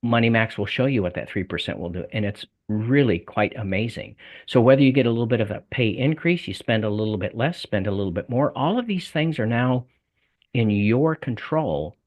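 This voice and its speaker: A man's voice: fairly low pitch, animated, moderate pace. Folksy older man with a Southern accent. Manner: folksy, repeats words and restarts. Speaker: guest, debt coaching salesman. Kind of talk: conversational interview.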